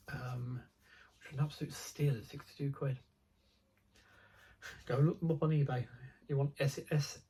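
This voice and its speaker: A man's voice: mid-range voice, warm tone, slightly rough, low-quality recording. A young man chatting casually about his model railway hobby, rambling and digressive with many ums and restarts.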